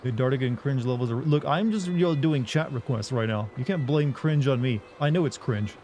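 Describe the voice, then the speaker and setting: A man's voice: medium pitch, fairly quick, darkish tone, a little hiss or hum. A young man from the Southern United States with a slight Southern US accent, chatting casually and rambling while streaming a game. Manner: chatty, rambling, self-deprecating. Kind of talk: casual live-stream gaming chat.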